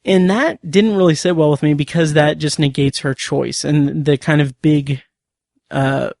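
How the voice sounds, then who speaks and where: Guy rambling through a tv episode recap, kinda high voice, dead dry mic. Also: fairly even intonation, measured pace, gravelly, a little mellow, no echo. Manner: rambling, many fillers and restarts, chuckles. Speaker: podcast host reviewing a TV episode. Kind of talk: casual solo review.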